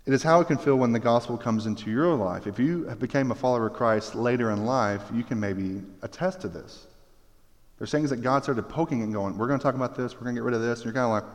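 A man delivering a sermon at a middle pitch, in an animated style full of jokey asides and acted-out voices. He speaks in a church sanctuary, and his voice carries a long reverb from the hall. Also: fairly quick. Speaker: pastor.

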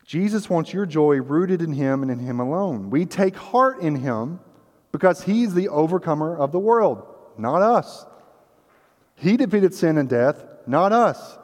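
This sermon comes from a pastor with a slightly high, somewhat mellow voice, lively intonation, and a measured pace. He speaks earnestly in a conversational way, sometimes voicing the characters, with the church sanctuary adding a long hall reverb.

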